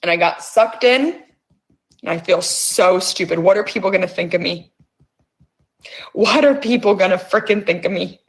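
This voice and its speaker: A woman's voice: lowish voice, normal speed, pauses often. A middle-aged woman hosting, coaxing listeners with intense words and frequent swearing. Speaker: host. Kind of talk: guided emotional release session.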